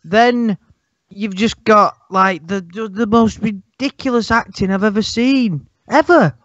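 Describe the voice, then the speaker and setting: Man, high voice, dry lo-fi sound, mocking casual chat. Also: unhurried, a bit bright, no room sound. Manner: blunt, laughing, mocking. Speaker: podcast co-host. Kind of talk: casual movie review chat. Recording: dull lo-fi sound.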